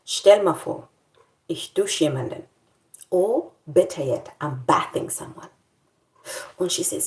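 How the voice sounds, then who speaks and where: A woman's voice: on the low side, expressive, takes it slowly, long pauses, roomy sound. A woman vlogger in casual chat, complaining in a playful, dramatic way.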